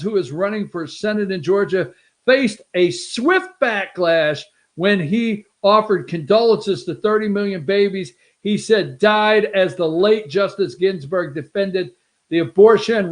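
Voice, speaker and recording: A man hosting a political talk show, brash and excitable, with sarcastic asides. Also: high-pitched, a little slow. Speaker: show host. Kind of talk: animated political commentary.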